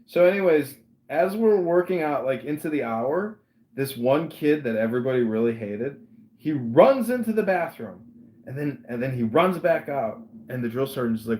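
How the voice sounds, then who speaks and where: A man hosting a podcast, telling a story in a casual, animated way and acting out the voices. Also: medium pitch, moderate pace. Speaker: podcast host. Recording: roomy echo.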